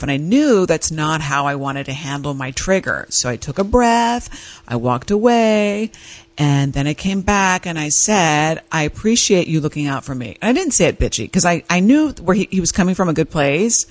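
A woman hosting an advice show, telling personal stories in a candid, animated way with frequent laughs. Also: fairly low pitch, moderate pace, dry recording. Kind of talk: casual talk-show monologue.

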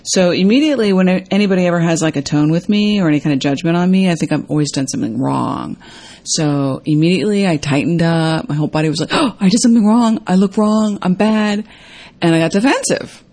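A woman hosting a casual self-help talk to viewers, chatty and full of fillers, acting out quoted lines in a higher voice. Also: fast, a little mellow. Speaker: host.

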